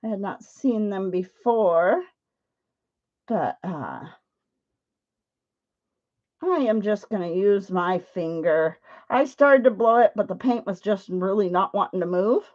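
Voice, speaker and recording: A woman's voice: medium pitch, lively intonation, slow pace, pauses often, darkish tone. A woman chatting casually to viewers while demonstrating paint pouring live, laughing often as she works. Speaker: paint pouring livestream host. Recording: dull lo-fi stream audio.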